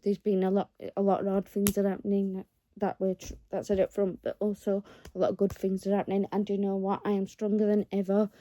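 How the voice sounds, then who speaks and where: Woman chatting to camera, very mellow low-toned voice, kinda flat, earnest and rambly. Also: fairly quick, hardly any pauses. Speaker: vlogger. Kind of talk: casual talk to camera.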